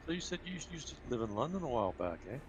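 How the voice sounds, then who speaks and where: A man chatting casually on a gaming stream, laid-back and quick to laugh, thinking aloud as he talks. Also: mid-range voice, sing-song. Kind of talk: casual chat.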